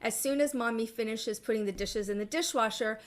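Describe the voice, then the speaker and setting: Middle-aged woman therapist, fairly high voice. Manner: explaining in a measured way, often asking "right?". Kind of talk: therapy session talk.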